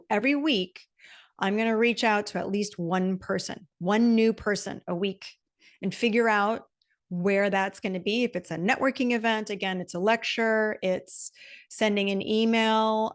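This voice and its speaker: Woman host, middle-aged, passionate solo pep talk, repeats for punch. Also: mid-range voice. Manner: passionate, emphatic, repeats key phrases. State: emotional. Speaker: podcast host.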